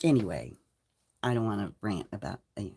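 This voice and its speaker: A woman's voice: expressive, normal speed, a little hiss or hum. Older woman in a profane, defiant rant. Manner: defiant, profane, shifting between low mutters and loud outbursts. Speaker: channel host. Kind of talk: angry livestream rant.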